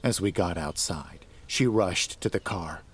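A man narrating a scripted horror story in a measured, dramatic way that rises to tense emphasis. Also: low voice, husky.

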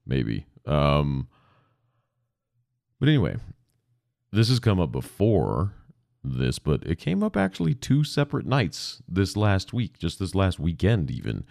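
A man's voice: low voice, huge pitch swings, measured pace, gravelly, long pauses, darkish tone, no room sound, studio quality. A young man hosting a podcast, rambling casually and self-deprecatingly with lots of swearing. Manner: profane, self-deprecating, digressive. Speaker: podcast host. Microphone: podcast microphone.

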